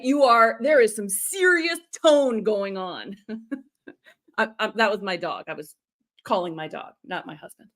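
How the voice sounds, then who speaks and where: Animated woman coaching storytelling live. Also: a little high, a little slow. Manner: animated, demonstrates voices and reads out comments. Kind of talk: live-streamed training.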